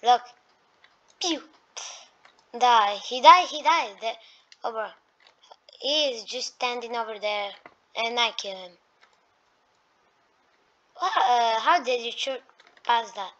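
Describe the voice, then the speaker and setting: A woman doing excitable let's-play gameplay commentary, talking to the enemies and breaking into sudden shrieks of alarm. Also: a little high, slow pace, long pauses. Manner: talks to enemies as she plays. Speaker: gaming YouTuber. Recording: dull lo-fi mic.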